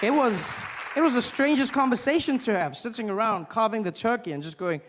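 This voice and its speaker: A man's voice: very high-pitched, expressive, brisk, a crowd in the background, background noise. A man performing stand-up comedy on stage, talking conversationally and slipping into voices to act out scenes. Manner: conversational, acts out characters. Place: comedy stage before an audience.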